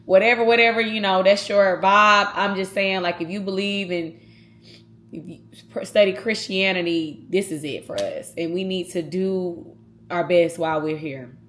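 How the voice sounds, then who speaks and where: A woman talks to her viewers in a casual vlog. Her voice sits a little low, and she speaks earnestly and from the heart, addressing them directly. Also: normal speed, a bit bright, a little hiss or hum. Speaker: vlogger.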